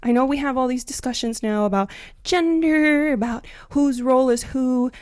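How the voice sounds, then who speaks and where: A young woman ranting to camera about dating, blunt and sarcastic, swinging between loud outbursts and muttered asides. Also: sits high, normal speed, smooth, dry recording, studio quality. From Latina. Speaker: comedic commentary host. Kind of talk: scripted comedic rant to camera.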